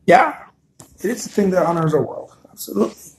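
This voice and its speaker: A man's voice: sits high, expressive, a little fast. A man hosting a casual live stream, talking earnestly and encouragingly, often repeating words and answering viewer comments.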